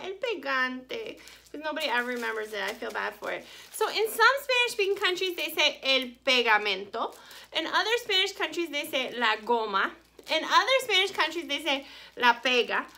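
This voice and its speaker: Animated, high-voiced woman teaching Spanish. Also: creaky. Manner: slow, careful modeling of Spanish words; cheerful, encouraging teacher talk. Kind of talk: recorded online class for children.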